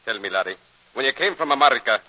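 A man's voice: mid-range voice, animated, quick pace, sharp tone, dry recording. An actor playing a blustering old Scottish grandfather lord with a put-on Scottish accent, in 1940s radio comedy. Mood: blustery. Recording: dull old radio recording with faint hiss.

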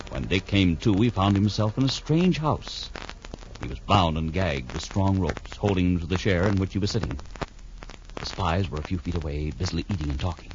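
A man's voice: deep voice, sing-song, brisk. A man announcing and narrating a radio serial, speaking emphatically and directly to young listeners. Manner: emphatic, addressing children directly. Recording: muffled old radio recording.

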